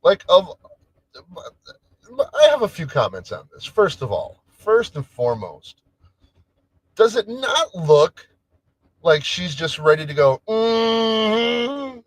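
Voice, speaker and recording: Animated rambling male stream host. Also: on the high side, slow, pauses often, husky, low-quality recording. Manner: rambling, animated, trails off and restarts. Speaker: livestream host. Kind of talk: casual solo stream chat.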